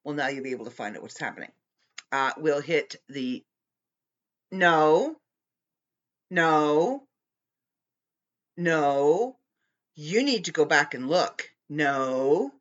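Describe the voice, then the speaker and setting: A woman hosting her own podcast in casual chat, animated and playfully bickering with someone off-mic. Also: low-pitched, slow, pauses often, lo-fi sound. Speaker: podcast host.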